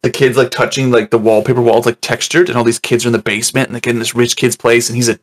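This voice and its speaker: A man reviewing a movie in casual chat, rambling and swearing, acting out scenes in quick voices. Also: mid-range voice, little pitch movement, a little hiss or hum.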